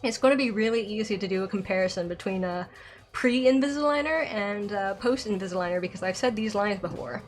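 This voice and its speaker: A woman's voice: mid-range voice, brisk, faint music behind. Woman with a Southern drawl and a lisp. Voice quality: slight lisp from a dental aligner. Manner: rambling, self-conscious, many filler likes. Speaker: streamer. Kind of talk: live-streamed game playthrough, reading dialogue aloud.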